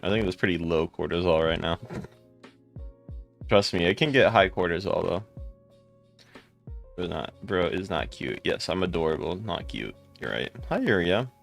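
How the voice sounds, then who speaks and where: A man's voice: deep voice, gravelly. A tired man casually chatting with viewers during a live gaming stream, greeting them by name with rambling asides.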